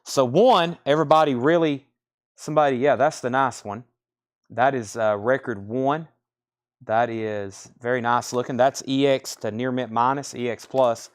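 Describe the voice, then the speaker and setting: A man's voice: mid-range voice, fairly even intonation, normal speed. A man with a Southern US accent hosting a live record sale, reading off titles, grades and prices and thinking aloud as he goes. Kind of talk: live-stream sales patter. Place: record store.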